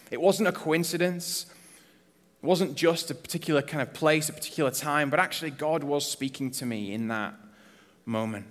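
A man's voice: a little high, a bit bright. A man preaching a sermon as a pastor, conversational and earnest, asking the congregation rhetorical questions. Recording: long reverb of a church hall.

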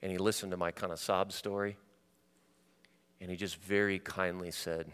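A man preaching a sermon to a congregation, swinging from loud animated stretches to quiet, intimate ones. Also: sits low, moderate pace, long pauses, clear, resonant tone, big-room sound. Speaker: pastor.

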